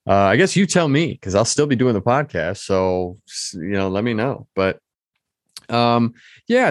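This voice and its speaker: A man's voice: medium pitch, dry recording, studio quality. Rambling man hosting a solo podcast. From Michigan. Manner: rambling, loose and chatty with many ums and restarts. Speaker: podcast host. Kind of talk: casual solo podcast monologue.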